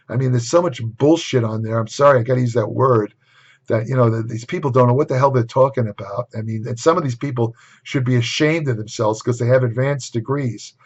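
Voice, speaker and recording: Blunt older man, dull lo-fi sound. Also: mid-range voice. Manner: blunt, opinionated, exasperated asides. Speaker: nutrition writer and host. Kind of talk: casual lecture to camera. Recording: dull lo-fi recording.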